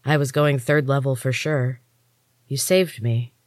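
A woman's voice: rumbling low, fairly even intonation, a little slow, no room sound. A woman voicing a wild, bitter young female fighter who talks in a grand, theatrical way, close to her own reading voice. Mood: exultant.

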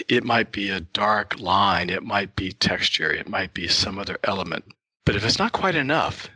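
A man's voice: deep voice, sharp tone, slightly rough, dry recording, low-quality recording. A man who teaches art, a guest in an interview, patiently explaining ideas through worked examples.

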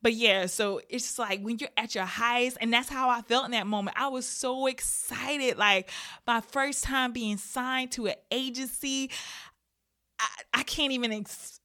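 A woman's voice: fairly high pitch, a little slow, no echo, clean studio sound. A young woman hosting a podcast, talking candidly and with feeling, often breaking into laughter. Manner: candid, animated, laughs often, speaks of faith. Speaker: podcast host. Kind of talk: casual heartfelt chat.

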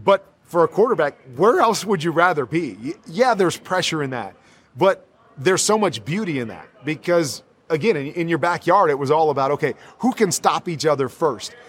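Husky, animated former quarterback. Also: male voice, on the high side, normal speed. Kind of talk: casual interview talk.

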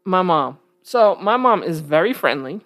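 A woman's voice: fairly low pitch, big pitch swings, a little slow, a bit bright. A woman from New York talking casually to her viewers, blunt and emphatic, with frequent chuckles. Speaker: vlogger. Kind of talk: casual talk to camera.

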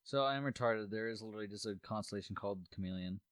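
A man's voice: lowish voice, very fast, a bit bright, no echo, studio quality. A man in casual chat, co-hosting and cutting in with crude, sarcastic wisecracks. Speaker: podcast co-host.

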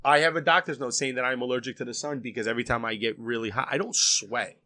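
A man co-hosts a casual podcast chat, telling stories with lots of animation and frequent laughter. He talks fast in a medium-pitched voice that stays steady in tone and sounds pushed and bright.

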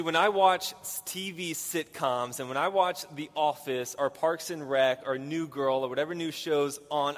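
A man's voice: a little high, a bit bright. A man preaching a sermon in a church, earnestly repeating his key phrases. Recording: reverberant church hall.

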